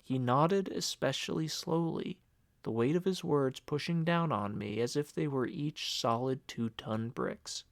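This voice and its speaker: A man's voice: mid-range voice, measured pace, no echo. A man narrating an audiobook in the first person, emotional and upset.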